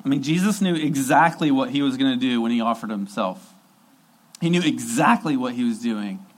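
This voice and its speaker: A man's voice: medium pitch, animated, normal speed, low-quality recording. A man preaching a sermon in an earnest, emphatic way, repeating key phrases for weight.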